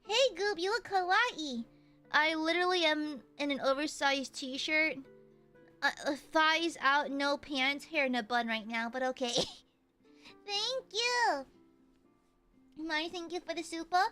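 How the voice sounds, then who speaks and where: Super high-pitched young woman streaming, giggly and swears a lot, faint music behind. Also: expressive, slow, bright, forceful tone. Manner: bubbly, giggly, swears casually. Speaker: livestreamer. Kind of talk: casual chat reading donations.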